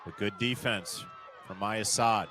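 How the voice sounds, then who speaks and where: Male soccer announcer with a lowish voice, steady live calls that lift on big chances, recorded outdoors with faint noise. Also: measured pace, a crowd in the background. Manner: steady play-by-play, rises sharply on big chances. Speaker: play-by-play commentator.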